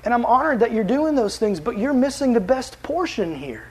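A man voicing a calm, gentle male teacher who speaks softly and slowly. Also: very high-pitched, breathy edge, voice pushed up, exaggerated voice. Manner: soft, slow and tender.

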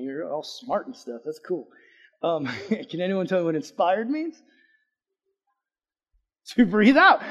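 A man preaching a casual sermon, chatty and conversational, asking the audience questions and telling a personal story. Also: fairly high pitch. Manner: lively, swings between loud emphasis and hushed asides.

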